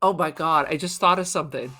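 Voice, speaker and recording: A woman's voice: deep voice, fast, pushed and bright. A woman co-hosting a podcast, chatting casually and playfully, spinning silly jokes and theories about a movie. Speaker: podcast co-host.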